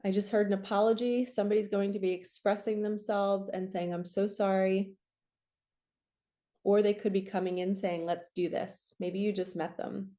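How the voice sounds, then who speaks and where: A woman speaks in a mellow, warm voice, giving a relaxed tarot reading. She talks to the viewer in an upbeat, encouraging, chatty way and slips in quick asides. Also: mid-range voice. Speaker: tarot reader and spiritual coach. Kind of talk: casual tarot reading monologue.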